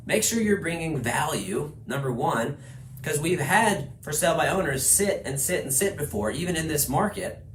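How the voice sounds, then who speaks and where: A man from Houston giving a class to real estate agents, energetic, acting out little quoted conversations as he talks. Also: a little high, normal speed, a little hiss or hum. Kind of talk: class lecture. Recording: echoey room with faint ambience.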